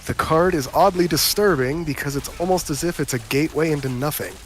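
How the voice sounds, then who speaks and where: A man narrating a tabletop game as game master, slow and deliberate, with faint hiss behind. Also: a little high.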